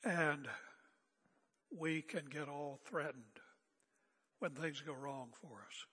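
An older man preaching a sermon as pastor, seated and speaking in a calm, conversational way with rhetorical questions. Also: fairly high pitch, slow pace, husky, long reverb tail. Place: church sanctuary. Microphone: seated at pulpit area mic.

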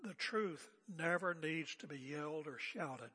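An older man preaching a sermon as pastor, seated and speaking in a calm, conversational way with rhetorical questions. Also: on the high side, measured pace, breathy edge, in a large hall. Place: church sanctuary. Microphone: seated at pulpit area mic.

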